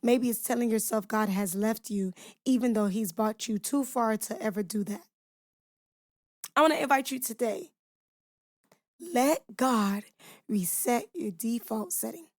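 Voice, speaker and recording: A woman's voice: fairly high pitch, dry recording, studio quality. A woman hosting a devotional podcast, teaching scripture in an emphatic preaching cadence, asking her listeners rhetorical questions and speaking to them directly and informally.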